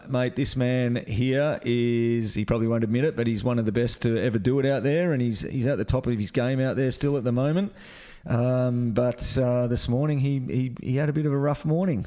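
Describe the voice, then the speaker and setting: Aussie bloke hosting a surf pod, easygoing, rambles with lots of ums. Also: male voice, medium pitch, steady tone, moderate pace, few pauses, dark tone. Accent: Australian. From Western Australia. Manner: laid-back, rambling with fillers. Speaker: podcast host. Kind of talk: casual interview chat.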